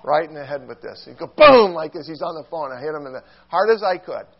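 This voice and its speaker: A man preaching a sermon, telling a funny childhood story in an animated, self-mocking way and acting out quotes with squeals and shouts. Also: a little high, quick pace, breathy edge, highs cut off.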